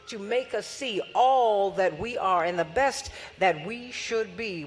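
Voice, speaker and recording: A woman hosting a live forum, rousing the audience with repeated phrases and calls for applause. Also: medium pitch. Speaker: forum host and radio host. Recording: long hall reverb.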